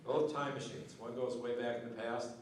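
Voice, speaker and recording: A man's voice: medium pitch, level tone, normal speed. Guy telling a long joke at a banquet, really echoey big hall, kinda far off, faint room noise. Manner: folksy, joking storyteller. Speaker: banquet speaker. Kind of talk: after-dinner joke telling.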